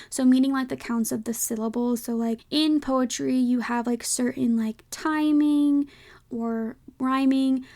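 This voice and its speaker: A woman's voice: a little high, darkish tone. A young woman with a light Southern American accent, hosting a casual solo podcast, chatty and full of "like" fillers and self-checking asides. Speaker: podcast host.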